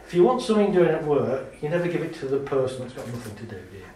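A man giving a talk to a live audience, lively and chatty, laughing often and acting out little scenes. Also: on the high side, very fast, far from the mic, a little hiss or hum. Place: large hall with an audience. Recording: very echoey hall, speaker off mic.

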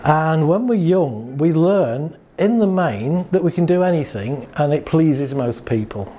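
Unhurried, with a slightly high, dark voice and lively intonation, a man gives a chatty talk on anxiety and relationships. He dramatizes little moments for the audience and joins in the laughter.

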